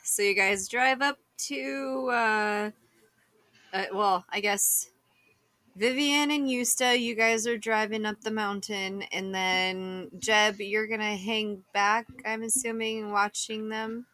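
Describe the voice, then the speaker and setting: A woman running a tabletop game who laughs often and fills her narration with "like" and "um". She speaks slowly in a bright, forceful voice. It is recorded close, with a dry sound. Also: mid-range voice, fairly even intonation, dry recording. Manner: giggly, filler-heavy narration. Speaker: game master.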